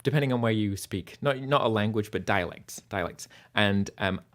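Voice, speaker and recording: A man with a Lancashire English accent softened by North American sounds, chatting casually and rambling between songs as a livestream musician host. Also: on the low side, moderate pace. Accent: Lancashire English, partly North American. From Burnley, England. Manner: rambling and chatty, with many fillers.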